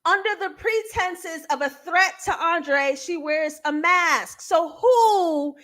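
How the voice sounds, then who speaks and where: A young adult woman hosting a live TV recap show, analysing an episode in an animated, emphatic way. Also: very high-pitched, slow pace. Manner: animated, emphatic, laughing and near tears at times. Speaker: TV recap host.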